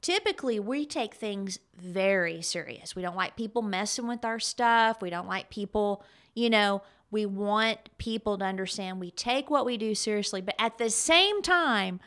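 A woman's voice: mid-range voice, lively intonation, moderate pace, fairly bright tone, clear, resonant tone. A middle-aged woman co-hosting a talk show, telling stories animatedly and laughing often. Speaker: podcast co-host. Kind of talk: casual chat.

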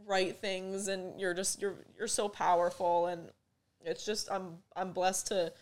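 Young woman hosting, kinda low voice, super supportive and affirming. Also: level tone, measured pace, a little mellow. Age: young adult. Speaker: podcast host. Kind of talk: heartfelt conversation.

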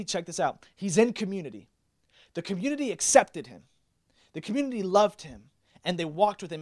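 A young man delivers a youth sermon with a slightly higher-than-usual voice. His talk is casual and animated, loose with fillers and restarts, and he acts out the lines of the people he talks about. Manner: casual, animated preaching with many fillers and acted-out quotes. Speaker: youth pastor.

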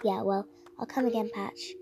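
A woman's voice: mid-range voice, fairly even intonation, moderate pace, gravelly, over music, lightly acted. A woman voicing an eighteen-year-old girl who loves nature and flares up when crossed. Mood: gentle. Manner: heated, outraged when crossed.

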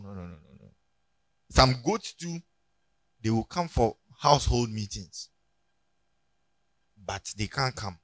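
A man's voice: on the high side, slow, long pauses, no echo. A man preaching a sermon as pastor, joking and calling on the congregation to turn to their neighbors. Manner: animated, joking, calls on the congregation.

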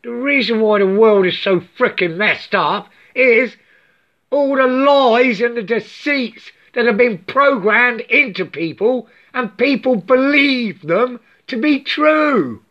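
A speaker pours out a fired-up monologue at a slow, deliberate pace, in clipped broken English with no articles. "Yeah?" keeps coming back as a challenge to the listener, and curses come out in frustration. The sound is muffled and lo-fi. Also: medium pitch, lively intonation. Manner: swears often and vents with angry emphasis. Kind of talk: impassioned monologue rant. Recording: dull lo-fi recording.

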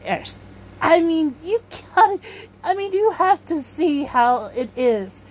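Slow-talking, giggly woman rambling. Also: very high-pitched, very animated. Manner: rambling, self-interrupting, laughs often. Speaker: podcast host. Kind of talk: casual rambling commentary.

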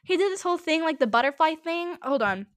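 A woman's voice: very high-pitched, lively intonation, a little fast, no room sound, studio quality. A woman hosting her own podcast, talking in a chatty, rambling, jokey way. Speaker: podcast host. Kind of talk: casual rambling podcast monologue.

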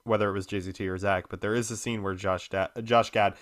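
A man's voice: lowish voice, fairly even intonation, a bit bright. A man hosting a podcast, chatting casually with lots of fillers and restarts. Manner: halting, many fillers and restarts. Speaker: podcast host. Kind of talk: casual chat.

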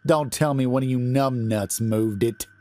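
A man voicing a hulking, self-important night security guard who talks in a blustering, gruff way, in a storybook reading. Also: mid-range voice, unhurried, warm tone, faint music behind, pitched above the performer's own voice, lightly acted.

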